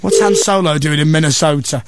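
A man's voice: on the high side, fairly quick, very noisy. A man hosting a radio show, bantering and teasing his guest. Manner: teasing, jokey, lively.

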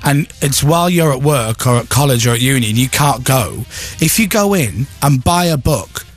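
A man's voice: mid-range voice, animated, moderate pace, soft background music. A man hosting a radio show, chatting and teasing his guest. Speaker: radio host. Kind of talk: casual radio chat.

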